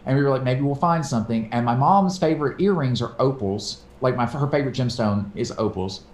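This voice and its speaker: A man telling a story in casual podcast chat, animated and swearing casually, acting out quoted voices. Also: mid-range voice, a little fast, reverberant. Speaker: podcast co-host.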